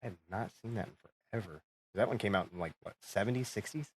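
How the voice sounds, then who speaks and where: A man with a fairly low voice co-hosts a podcast, talking in a relaxed, chatty way. He reminisces fondly, at an easy, conversational pace. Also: quick pace, husky, no room sound. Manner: nostalgic, chatty. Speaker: podcast co-host. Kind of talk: casual chat.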